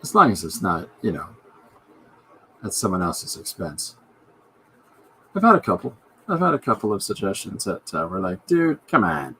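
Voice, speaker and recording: Low-voiced man rambling jokily. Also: very animated, normal speed, long pauses, bright, forceful tone, husky. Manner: rambling, jokey asides. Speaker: podcast host and comic artist. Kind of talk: casual chat while drawing.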